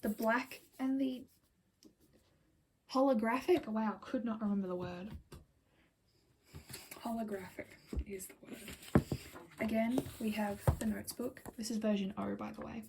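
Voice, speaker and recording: A woman's voice: on the high side, steady tone, a little slow, gravelly, long pauses, background noise. A woman chatting casually to camera as a vlogger, giggly and rambling, often slipping into whispered asides and little apologies. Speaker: vlogger reviewing album collection.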